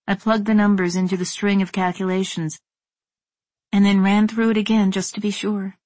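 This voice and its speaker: A woman reading a first-person story in a measured, tense narrating voice. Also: medium pitch, little pitch movement, a little mellow, dry recording. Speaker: audiobook narrator.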